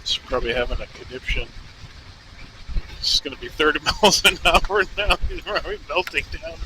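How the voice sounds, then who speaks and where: A man rambles and swears as he rides down a highway, often poking fun at himself. His voice sits a touch high. The helmet mic picks up loud road and wind noise. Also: animated, fairly quick, poor audio. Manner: rambling, profane, self-mocking. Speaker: vlogger. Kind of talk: casual monologue while riding. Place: on a motorcycle on a highway.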